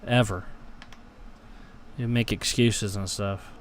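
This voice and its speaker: A man's voice: lowish voice, fairly even intonation, takes it slowly, a little hiss or hum. A young man reacting live to a football game, grumbling and cursing at his team and then erupting into cheers on big plays. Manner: frustrated, swears, talks back to chat.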